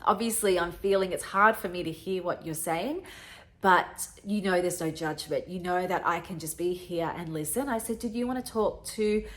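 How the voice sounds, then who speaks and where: A woman's voice: on the low side, normal speed, fairly bright tone. A middle-aged woman hosting a podcast, telling an emotional personal story in an earnest way, often repeating herself. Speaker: podcast host.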